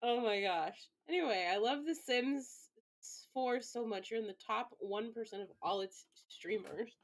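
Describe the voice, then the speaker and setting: Speaking at a normal speed in a slightly high voice, this woman streams live and mostly rambles to herself. Fillers and swearing come up constantly in her casual self-talk.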